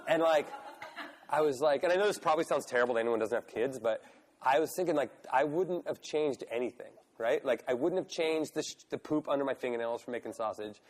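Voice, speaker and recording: A man in his forties telling a long story in casual speech, animated and prone to swearing, with many fillers. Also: mid-range voice, a little fast. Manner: animated, swears, lots of "like" and "right?". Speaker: guest, pro BMX rider.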